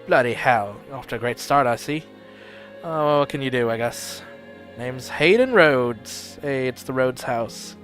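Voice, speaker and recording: A man's voice: mid-range voice, animated, measured pace, fairly bright tone, soft background music. A man voicing a blustery, barking retired old nobleman who swears often. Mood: gruff. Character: gruff loud old male noble, retired.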